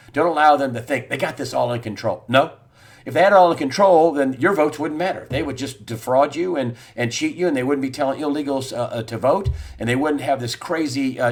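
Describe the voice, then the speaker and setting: A middle-aged man delivering a solo political commentary with a middle-range voice. He talks emphatically and repeats himself. He fills pauses with "uh" and drops from loud bursts to quiet, low asides. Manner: emphatic, repetitive, many "uh" fillers, swings from loud to quiet. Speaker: host. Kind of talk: election commentary monologue.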